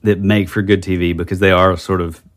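Male podcast co-host, fairly low voice, relaxed rambling chat. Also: a little fast. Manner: rambling, full of fillers and restarts. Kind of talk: casual chat.

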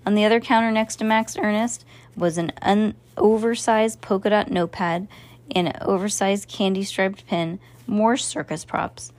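A woman's voice: mid-range voice, steady tone, moderate pace, darkish tone. A woman narrating a storybook, often stumbling and restarting her phrases. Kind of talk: storybook reading.

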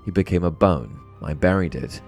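A man reading the confession of a deranged young murderer, in a flat, quick manner. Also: low voice, soft background music. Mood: cold.

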